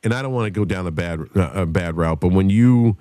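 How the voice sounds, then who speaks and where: A man in a casual podcast chat, spinning a profane, animated story. His voice sits fairly low and sounds dry and close to the mic. When he quotes other people, he throws his voice into a loud, high shout. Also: a little fast, smooth, no echo. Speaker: podcast host.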